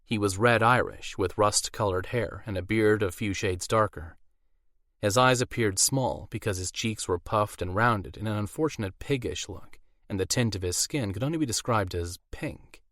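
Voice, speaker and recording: A man narrating a fantasy audiobook in a measured storytelling manner, on a close studio mic. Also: lowish voice, a bit bright, no echo. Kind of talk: scripted narration.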